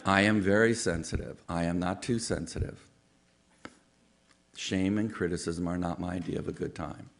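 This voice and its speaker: A man with a very low, gravelly voice delivers a conversational sermon-style talk. He is a psychologist who tells stories, often slipping into the voices of people he quotes. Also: steady tone, normal speed. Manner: chatty, storytelling, acts out quoted voices. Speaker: psychologist giving a Sunday talk.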